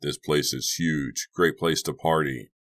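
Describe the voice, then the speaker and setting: A man's voice: a bass voice, fairly even intonation, a little slow, fairly bright tone. A man voicing a teasing, pleading teenage boy prankster in an audiobook, playful and wheedling. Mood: apologetic. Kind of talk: audiobook character voice.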